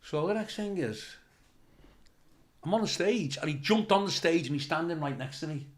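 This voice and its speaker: An older man, a comedian telling stories in an interview, animated and swearing freely as he acts out the people in them. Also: on the high side, moderate pace. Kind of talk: anecdotal interview storytelling.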